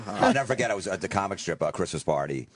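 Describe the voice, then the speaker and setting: A male comedian casually telling a story to friends, with a brisk, deadpan delivery. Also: deep voice.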